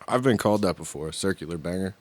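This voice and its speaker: Low-voiced dude cracking jokes on a podcast, faint hiss behind. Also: male voice, animated. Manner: wisecracking, quick comebacks. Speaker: podcast co-host. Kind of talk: casual chat.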